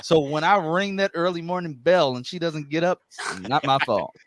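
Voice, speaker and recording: A man guesting on a casual livestream call, animated and quick to restart his sentences. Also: fairly high pitch, slight background noise. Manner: animated, stumbling restarts, laughs. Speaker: guest streamer.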